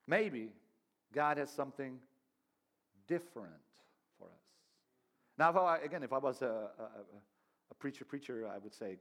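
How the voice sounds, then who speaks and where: A man's voice: a little high, a bit bright. Earnest, conversational male pastor preaching. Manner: conversational and earnest, with frequent restarts and light laughs. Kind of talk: sermon.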